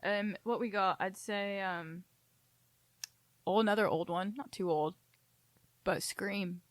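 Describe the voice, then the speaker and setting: A woman's voice: medium pitch, slow, no echo. A young woman co-hosting a podcast, chatting enthusiastically about movies, laughing often and swearing casually. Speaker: podcast co-host. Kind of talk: casual chat.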